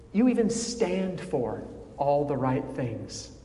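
A man preaches a sermon at an unhurried pace, leaning on dramatic pauses and dropping in wry asides. His voice sits a little high for a man. It carries through a large, echoing church hall with a faint murmur of ambience behind it. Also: big pitch swings, dark tone, a little hiss or hum. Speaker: pastor.

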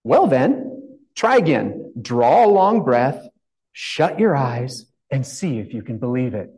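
Guy doing a snooty old queen, pitying, voice pushed up a bit higher. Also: sing-song, slow, darkish tone. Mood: pitying, lofty. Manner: lofty, pitying. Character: very old imperious woman queen, pitying and playful.

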